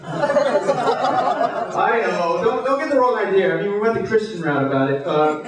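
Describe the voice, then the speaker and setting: A man doing stand-up with crude deadpan one-liners, his fairly high voice swinging widely in pitch. He is caught from a distance on a handheld mic in a very echoey hotel club. Loud audience laughter fills the room behind him. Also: normal speed. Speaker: stand-up comedian. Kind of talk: stand-up comedy set. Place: hotel comedy club stage, indoors. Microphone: handheld stage mic.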